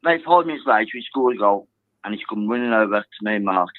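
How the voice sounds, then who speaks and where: A man calling a football phone-in, telling a story excitedly and swearing now and then. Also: lowish voice, fast talker, no room sound. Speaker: caller. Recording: tinny phone line.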